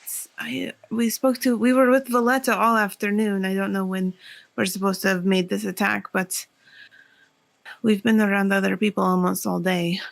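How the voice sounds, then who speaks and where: A woman's voice: medium pitch, flat delivery, normal speed, gravelly. A woman player speaking in character in a tabletop game, earnest and thinking aloud as she pleads her case. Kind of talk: in-character tabletop role-play.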